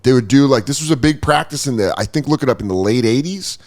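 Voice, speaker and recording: A man's voice: medium pitch, fast. A man hosting a podcast, telling crude stories in a casual comedic chat. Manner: crude, animated storytelling. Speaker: podcast host.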